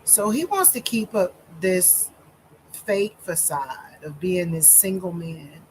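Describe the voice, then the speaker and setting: A woman minister telling her own story in a slow, deliberate monologue with many pauses and fillers, holding back tears. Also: fairly low pitch, lively intonation, slight background noise, rough recording.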